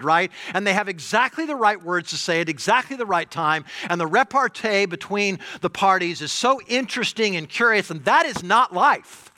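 Bright-voiced man preaching conversationally. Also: high-pitched. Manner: conversational preaching, frequent repeated words and "right?"; swings from loud emphatic to quiet and slow. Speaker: pastor. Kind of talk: sermon.

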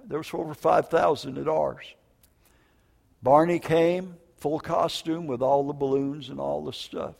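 Older preacher in a ringing hall. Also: male voice, fairly high pitch, steady tone, measured pace, creaky, a little mellow. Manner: emotional folksy storytelling, frequent "man" and "okay?". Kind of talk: sermon with personal testimony. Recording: long hall reverb.

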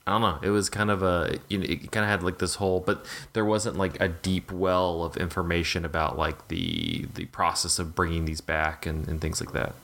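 A man's voice: low-pitched, little pitch movement, moderate pace, vocal fry, few pauses, a bit bright. A man in casual film talk on a podcast, rambling with lots of fillers, restarts and swearing. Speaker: podcast co-host.

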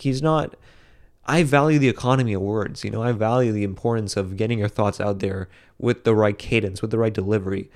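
A young man hosting a solo podcast, giving rambling, opinionated commentary full of restarts and fillers. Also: fairly low pitch. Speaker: podcast host.

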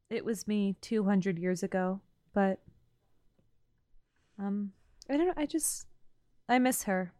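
Slow-spoken earnest woman. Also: mid-range voice, darkish tone, clear, resonant tone, no room sound, clean studio sound. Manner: earnest, sincere. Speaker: player. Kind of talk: in-character tabletop role-play.

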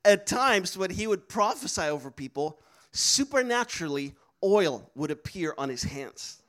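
Animated preacher, high voice. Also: male voice, normal speed. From Netherlands. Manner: animated, laughing, acts out quoted voices. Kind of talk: storytelling sermon.

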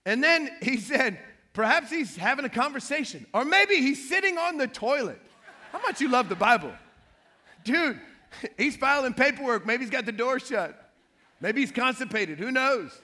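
A man preaching a sermon, telling a Bible story with lively, joking asides. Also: very high-pitched, moderate pace, big-room sound. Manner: lively storytelling with playful trash-talk asides. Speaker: pastor.

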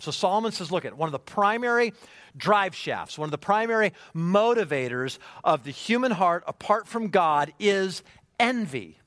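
A male preacher with a slightly raised voice drives his sermon hard, tossing out rhetorical questions and stumbling into quick restarts when he gets fired up. The sound is dry and close, with no room around it. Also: high-pitched, animated, fairly bright tone, dry recording. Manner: emphatic, rhetorical questions, repeated "right?". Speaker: pastor.

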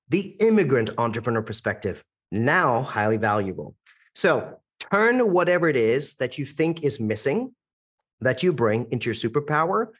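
Homem enérgico com sotaque americano. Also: male voice, medium pitch, husky. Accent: American-sounding. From India, raised internationally. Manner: energetic, emphatic, rhetorical questions. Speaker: guest, public speaking coach. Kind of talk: podcast interview.

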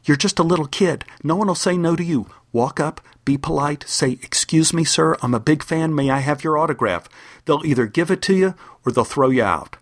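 A man's voice: fairly high pitch, expressive, a little fast, no room sound, clean studio sound. A man voicing an eager, football-crazy older brother urging his little brother on in a spoken memoir. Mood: urgent. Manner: urgent, pushy.

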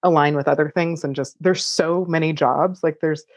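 With a low, steady voice and a moderate pace, a woman who writes cookbooks chats through audience questions, laughing frequently and filling her talk with "like." There's no room sound.

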